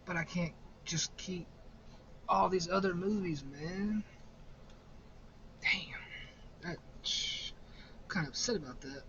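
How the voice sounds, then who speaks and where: A man's voice: sits high, takes it slowly, long pauses, pushed and bright. A young man casually ranking horror movies in a rambling, profane way, often laughing. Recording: slightly dull recording with faint noise.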